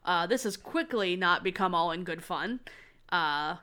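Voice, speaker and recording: A woman's voice: on the low side, animated, measured pace, bright, forceful tone, smooth. A woman co-hosting a podcast, retelling TV scenes in casual chat and acting out the lines. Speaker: podcast co-host.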